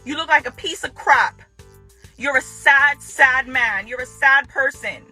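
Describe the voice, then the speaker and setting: Soft music plays behind a furious ex-wife who addresses her ex-husband directly to camera. Her voice is high, bright, and forceful, a little slow, and she repeats phrases confrontationally for emphasis.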